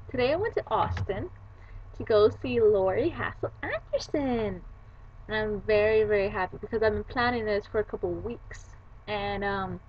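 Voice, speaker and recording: A woman's voice: mid-range voice, highs cut off, slight background noise. A young woman vlogging casually about books, retelling her day in a chatty way with quoted voices. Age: young adult. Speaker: book vlogger. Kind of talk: casual chat.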